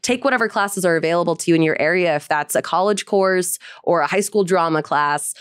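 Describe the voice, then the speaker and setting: A woman's voice: lowish voice, smooth, no echo, clean studio sound. A young adult woman being interviewed about voice acting, talking in a bubbly way with frequent laughs. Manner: bubbly, laughs often, quick asides. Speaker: voice actress guest. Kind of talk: casual interview chat.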